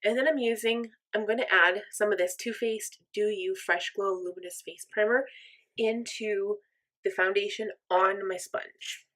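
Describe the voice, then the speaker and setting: A woman's voice: mid-range voice, fairly even intonation, measured pace, a bit bright. A young woman chatting through a makeup tutorial in an upbeat, chatty, self-deprecating way. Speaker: makeup vlogger. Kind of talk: casual makeup tutorial chat.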